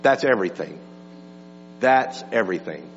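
A man preaching a sermon as pastor, emphatic and repetitive, dropping to a hush and then rising again. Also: on the low side, lively intonation, moderate pace. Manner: emphatic, repeats words, swings from hushed to raised. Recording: dull lo-fi sound with long reverb and hum.

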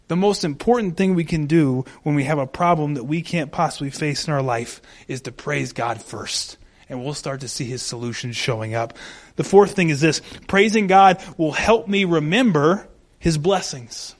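High-pitched guy preaching a sermon, lively, jokes around and acts stuff out. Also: moderate pace. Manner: animated, humorous, acts out scenes. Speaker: pastor.

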